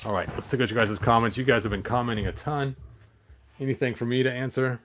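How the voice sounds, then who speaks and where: A man's voice: mid-range voice, fairly even intonation, quick pace, a bit bright. Man reading a storybook with chatty asides. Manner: rambling, self-mocking asides with fillers. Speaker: storybook reader and streamer. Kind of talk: casual read-aloud with chatty asides.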